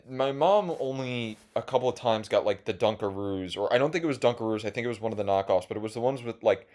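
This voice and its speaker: A man's voice: mid-range voice, a little mellow. A man in his twenties talking casually on his own podcast, rambling and swearing, and at times choked up. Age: 20s. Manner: rambling, full of restarts and swearing. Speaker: podcast host. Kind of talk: casual solo chat.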